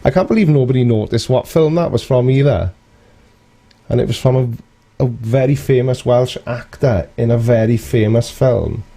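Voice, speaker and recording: A man's voice: mid-range voice, normal speed, mellow. A man hosting a live stream, reading out viewer comments in a rambling, cheeky way and chuckling often.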